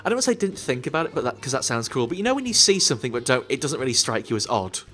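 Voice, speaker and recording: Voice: medium pitch, sing-song, very fast, fairly bright tone, soft background music. A co-host of a casual game stream, explaining things in a chatty, rambling way with many fillers. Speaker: let's play co-host. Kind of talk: casual gameplay commentary.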